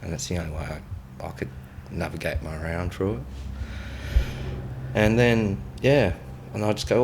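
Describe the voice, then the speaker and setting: A man's voice: low voice, normal speed, creaky, pauses often, slight background noise. An Australian man telling war stories as a podcast guest, blunt and swearing freely as he acts out dialogue. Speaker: podcast guest, former military contractor. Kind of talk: casual storytelling.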